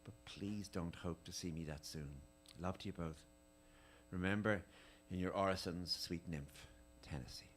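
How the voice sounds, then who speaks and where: A man giving a dramatic reading of letters at a live tribute event, with an intimate, measured, lingering delivery. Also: low-pitched, a little hiss or hum.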